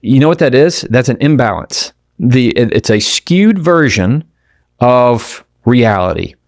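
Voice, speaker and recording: Guy doing a motivational podcast, punchy and direct, middle-pitched voice, super dry close mic, no room at all. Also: lively intonation, no echo. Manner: emphatic, speaks straight to the listener with rhetorical questions; acts out quoted people in quick asides. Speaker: podcast host.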